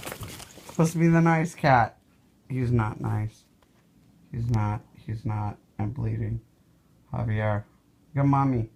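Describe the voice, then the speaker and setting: A woman's voice: very deep voice, darkish tone. A woman filming her cat at home in a casual home video, coaxing and scolding it with sudden exclamations.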